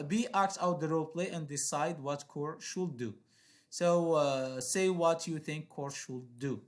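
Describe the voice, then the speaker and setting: A man teaching an online English lesson, explaining exercises with many hesitations and filler sounds. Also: a little high.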